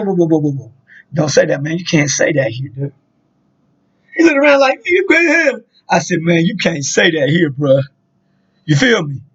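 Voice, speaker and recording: A man, telling a rambling, profane story in a casual monologue, full of fillers. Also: on the high side. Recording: dull lo-fi sound.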